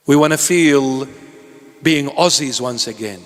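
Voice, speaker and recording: A man's voice: mid-range voice, a little slow, pauses often, in a large hall. A man preaching a sermon, pleading and impassioned, breaking into joking asides.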